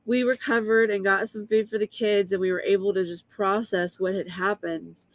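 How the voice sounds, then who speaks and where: A woman's voice: medium pitch, steady tone, no echo. Woman telling a story, dry sound. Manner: vivid, emotional retelling with quick asides. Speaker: guest. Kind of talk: casual storytelling on a live stream.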